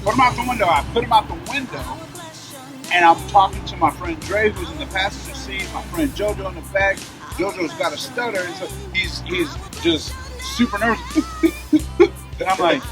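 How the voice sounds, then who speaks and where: A man telling a personal story in casual conversation, acting out the voices and shouts of the people involved. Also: sits high, moderate pace, over music, crowd noise. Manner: animated retelling, acting out shouted dialogue. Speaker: guest telling his story.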